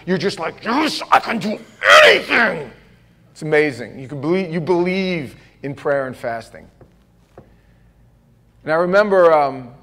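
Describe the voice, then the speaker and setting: A pastor preaches to his congregation in a church, a man with a voice pitched a bit above most men. He tells his stories with lively energy and often jokes at his own expense. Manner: animated storytelling with self-deprecating jokes. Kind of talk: sermon. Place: church sanctuary.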